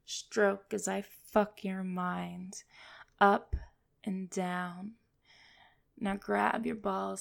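A woman speaking in a commanding, teasing way for an erotic hypnosis role-play, breaking into soft low laughs. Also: steady tone, slow pace, gravelly. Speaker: dominant hypnotist persona.

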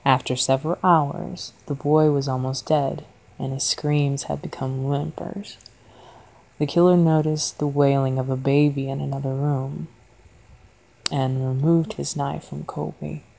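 A woman narrating a horror story in a quiet, deliberate manner. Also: sits low, flat delivery, creaky, rough recording.

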